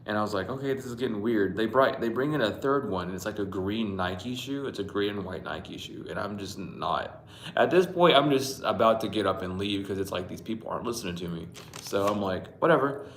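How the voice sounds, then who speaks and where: Livestream host, male, lowish voice, rambling and profane, greets viewers, echoey room. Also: fairly quick, slight background noise. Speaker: livestream host reading dreams. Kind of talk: casual livestream dream storytelling. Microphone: Bluetooth mic.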